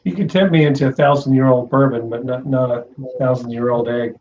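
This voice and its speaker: A man in casual chat, joking and halting, restarting his sentences. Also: mid-range voice, fairly even intonation, a little mellow. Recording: dull lo-fi stream audio.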